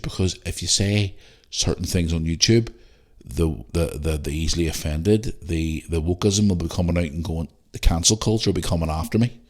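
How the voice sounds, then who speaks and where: His voice low and steady, a Northern Irish man talks fairly quickly as the sole host of a podcast. What he delivers is a blunt rant with plenty of swearing.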